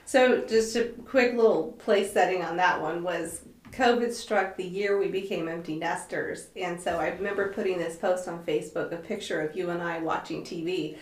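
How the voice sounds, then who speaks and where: A woman in her fifties, hosting a podcast, chatting casually with her husband and telling animated stories with frequent laughter. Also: fairly low pitch, moderate pace, few pauses. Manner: animated storyteller, laughs often. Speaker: podcast host. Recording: echoey room.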